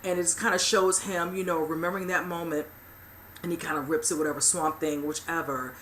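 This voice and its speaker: A TV recap channel host talks fairly quickly in a low, fairly bright voice with mostly even intonation. Her casual episode summary drifts along on "you know" and "whichever" fillers, with slight background noise present.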